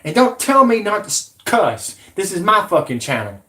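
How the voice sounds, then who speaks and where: A man in his forties with a drawl rants at his audience in a combative, profanity-laced monologue. His voice sits somewhat high for a man. He sounds like a channel host talking straight to camera. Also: sing-song, normal speed. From Alabama, USA. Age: 40s. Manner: profane, combative, shouting at viewers. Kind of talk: angry ranting monologue.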